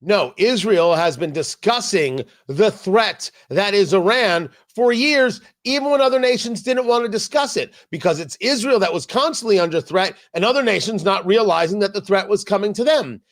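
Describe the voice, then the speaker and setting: A man's voice: sits high, expressive, moderate pace, hardly any pauses. A man hosting a political talk show, delivering an emphatic, sarcastic commentary monologue full of jokey asides. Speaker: radio talk show host.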